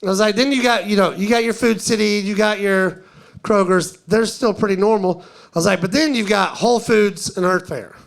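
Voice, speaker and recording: A man's voice: sits high, moderate pace, creaky. A man doing live stand-up, telling a story in a drawling, conversational way and quoting other people. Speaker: stand-up comedian. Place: live comedy venue.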